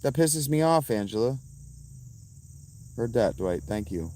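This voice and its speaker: A man livestreaming outdoors and answering his chat in a profane, combative, quick-tempered way. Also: mid-range voice, sing-song, warm tone. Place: outdoors by a fountain.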